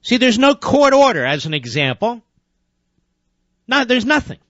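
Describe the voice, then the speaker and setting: A fired-up male talk radio host with a fairly high voice, reading the news and then tearing into it with biting sarcasm. His indignant delivery sounds close and dry, with slightly muffled broadcast sound. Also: sing-song, measured pace, a bit bright, no room sound.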